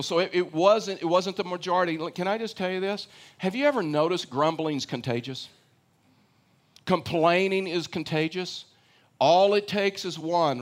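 An older man preaching a sermon as pastor, conversational, repeating phrases for emphasis and asking the congregation questions. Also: high-pitched.

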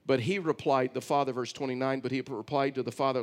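A man's voice: medium pitch, fairly even intonation, fast talker, few pauses. A man from Texas with a Texan accent, preaching a conversational, storytelling sermon as pastor.

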